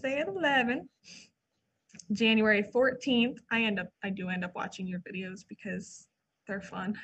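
A woman library staffer co-hosting a casual podcast, reading event listings and adding quick asides. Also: medium pitch, fairly bright tone, husky. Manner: chatty, reads listings then adds quick asides. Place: old brick library building.

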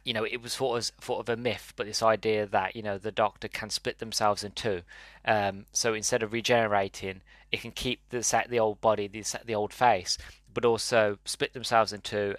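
A man's voice: on the low side, no room sound. A man giving an earnest, emotional review, often restarting his sentences, his voice wavering as if close to tears.

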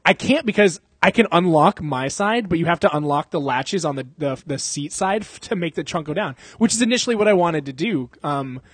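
A young man telling a long story in casual chat, animated and full of swearing and laughter. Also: on the high side, brisk, hardly any pauses, breathy edge, dry recording.

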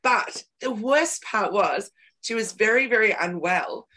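A woman's voice: mid-range voice, animated, measured pace, bright, forceful tone. A woman hosting a casual chat, telling candid stories with emphatic repeated words.

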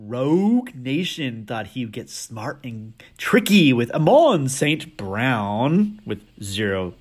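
A man's voice: medium pitch, takes it slowly, faint music behind. A man hosting a fantasy football league podcast, recapping the week in a rowdy, joking way and teasing the league members. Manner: energetic with big swings in loudness.

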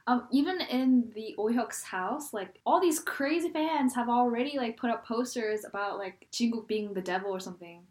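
A woman in casual chat, recapping a drama episode with lots of "like" and quick asides. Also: fairly high pitch. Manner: chatty, animated, frequent "like". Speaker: podcast co-host recapping a drama.

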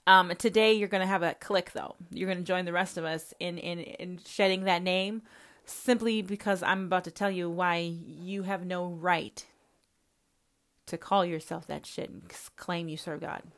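In her podcast, a woman with a lowish, fairly bright voice delivers a swear-filled, confrontational monologue aimed straight at the listener. She keeps a steady tone at normal speed.

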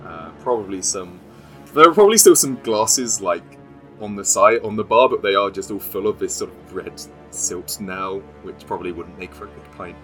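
A man's voice: lowish voice, normal speed, soft background music. A man running a tabletop game as game master, narrating a scene in a rambling, self-correcting way with frequent laughs.

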